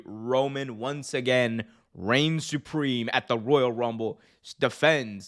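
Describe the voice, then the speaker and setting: A man at a middle pitch hosts a podcast, walking through a wrestling event blow by blow. His telling is energetic and loose, packed with fillers and restarts. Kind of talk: casual recap of a live event.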